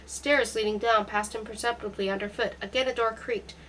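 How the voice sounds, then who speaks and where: A woman's voice: a little high, fairly even intonation, a little fast, a bit bright, a little hiss or hum, poor audio. Woman reading a literary audiobook. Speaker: audiobook reader.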